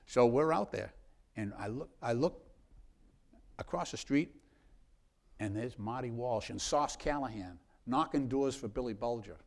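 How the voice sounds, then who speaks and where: A man's voice: medium pitch, animated, a little slow, vocal fry, pauses often. Man spinning a rambling yarn. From South Boston. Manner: rambling anecdotes with many restarts. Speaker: congressman. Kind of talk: storytelling in a live interview.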